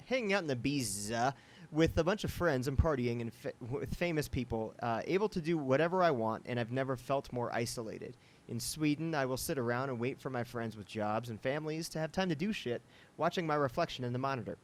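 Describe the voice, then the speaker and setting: A man's voice: mid-range voice, expressive, brisk. Rambling male podcast host. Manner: rambling, many fillers and asides. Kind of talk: casual chat.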